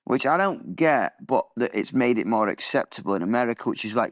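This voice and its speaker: A man in his twenties with an English accent, chatting casually, animated and slangy with lots of swearing. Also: medium pitch, brisk, hardly any pauses, dry recording, clean studio sound. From England. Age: 20s. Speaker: guest musician. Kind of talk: casual chat.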